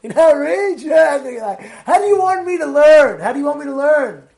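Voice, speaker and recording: A man's voice: very high voice, lively intonation, quick pace, vocal fry, darkish tone, pitched above the performer's own voice, heavily acted. A man voicing a boastful rich man who complains about his wealth.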